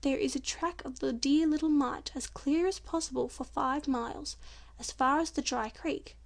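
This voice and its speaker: A woman's voice: sits high, moderate pace, vocal fry. A woman voicing a worried, tender father in a storybook audiobook, speaking earnestly. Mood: troubled.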